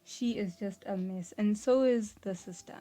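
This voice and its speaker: A young woman casually talking through an anime storyline, lively and chatty, often dropping "like" and "right?". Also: mid-range voice, moderate pace, faint music behind. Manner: animated, acts out quoted characters, frequent "like" and "right?". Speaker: anime video essayist. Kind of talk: casual commentary.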